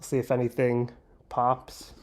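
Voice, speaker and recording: A man's voice: mid-range voice, completely flat delivery, takes it slowly. A man hosting a livestream, chatting casually and joking while he builds. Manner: rambling, joking, talks while handling pieces. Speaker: livestream host.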